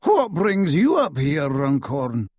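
A man's voice: a little high, wildly swooping pitch, slow, a little mellow, husky, dry recording, clean studio sound, voice pushed up, full character voice. A man doing a pompous older minister. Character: pompous older male government minister, zealous.

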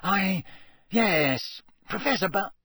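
A male narrator putting on a spiteful old caretaker who whines and gloats, his husky voice pitched high and swooping. He drags his words out slowly and sounds dry and close. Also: lively intonation, pushed and bright, no echo, heavily acted. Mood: fawning. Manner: gleeful, wheedling, malevolent whine. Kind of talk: audiobook character voice.

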